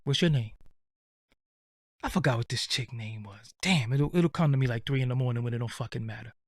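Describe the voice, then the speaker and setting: A man's voice: medium pitch, fast talker, dry recording, clean studio sound. A man telling a comedic story in blunt, streetwise talk full of swearing. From Brooklyn, New York. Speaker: show host.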